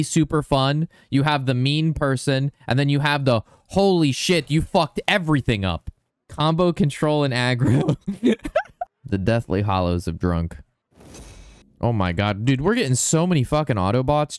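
A young man giving casual gameplay commentary as a streamer, rambling, excitable and swearing a lot. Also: medium pitch.

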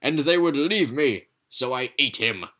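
A man voicing a lovesick, high-pitched talking pizza slice. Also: animated, measured pace, fairly bright tone. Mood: melodramatic.

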